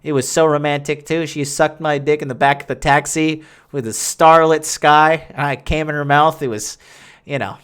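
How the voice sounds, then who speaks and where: A man's voice: on the high side, fairly even intonation, normal speed, a bit bright, clear, resonant tone. A young man hosting a podcast, talking crudely and boastfully in a rambling casual monologue. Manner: rambling, with many fillers and restarts. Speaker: podcast host answering listener questions.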